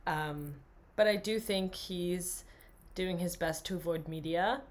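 Chatty young woman, slightly low voice. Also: measured pace. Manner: chatty, enthusiastic, laughs often. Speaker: podcast co-host. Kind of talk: casual sports chat.

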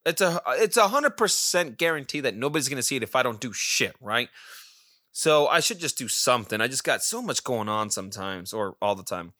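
Bright-voiced man ranting casually. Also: mid-range voice, a little fast, dry recording, clean studio sound. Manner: profane, rambling, excitable. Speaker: podcast host. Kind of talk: casual solo monologue.

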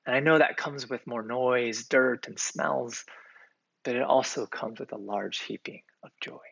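A man's voice: mid-range voice, gravelly, fairly bright tone, breathy edge, no echo. A male pastor delivering a sermon in an earnest, conversational way, with occasional fillers. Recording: slightly muffled, dry recording.

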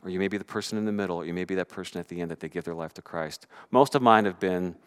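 A middle-aged man preaching a sermon, telling stories in an animated way and swinging from loud to hushed. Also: low-pitched, very fast, clear, resonant tone. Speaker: pastor.

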